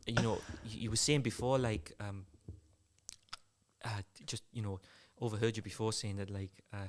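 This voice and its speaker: A man voicing a flustered young fish-shop worker who can hear thoughts, rambling and halting as he talks. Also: on the low side, steady tone, lightly acted.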